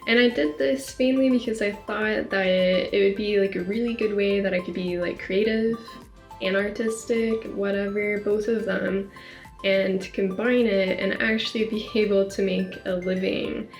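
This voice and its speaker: A woman's voice: medium pitch, fairly even intonation, unhurried, roomy sound, faint music behind. A woman in her twenties from Northwest Arkansas, chatting casually to camera about herself as an artist, with plenty of "like" fillers. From Northwest Arkansas, USA. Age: 20s. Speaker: artist vlogger.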